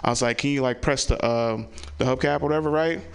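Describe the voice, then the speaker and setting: A man's voice: mid-range voice, fairly even intonation, fast, gravelly, clean tone. Man telling stand-up stories. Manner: storytelling with lots of "right?" asides; acts out family members loudly. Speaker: stand-up comedian. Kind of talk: stand-up comedy set. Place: comedy club stage.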